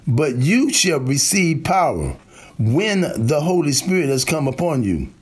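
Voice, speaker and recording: Preacher, male, unhurried and emphatic, slightly higher voice. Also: very animated, breathy edge. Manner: slow, emphatic preaching with repeated lines. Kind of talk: sermon.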